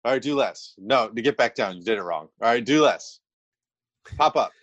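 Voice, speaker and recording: A man voicing a laid-back male surf instructor who gives blunt, impatient instructions in a flat manner. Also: mid-range voice, normal speed, no room sound, highs cut off, natural voice. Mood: deadpan coaching.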